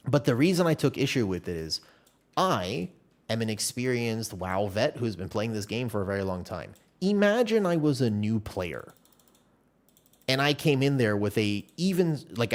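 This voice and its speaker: A man live streaming a game, telling a long story in a casual, animated way with many restarts. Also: on the low side. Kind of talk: casual chat while playing a game.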